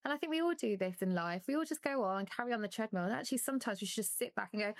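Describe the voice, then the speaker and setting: A woman's voice: fairly high pitch, lively intonation, fast, few pauses, no room sound. A woman, a former athlete, talking candidly in an interview, laughing at times and close to tears. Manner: candid, laughing, voice catching with emotion. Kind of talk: emotional interview talk.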